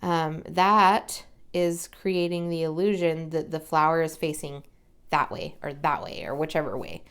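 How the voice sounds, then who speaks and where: A young woman chatting casually while she paints, soft-spoken and often slipping into a whisper as she works. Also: sits low, measured pace, clear, resonant tone. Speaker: watercolor crafting vlogger.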